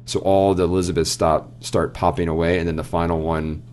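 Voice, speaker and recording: A young man with a very low, deep voice co-hosts a casual chat. He tells stories in an animated way, slipping into quoted lines as he goes. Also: fairly quick. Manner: animated retelling, quotes game characters. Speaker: podcast co-host.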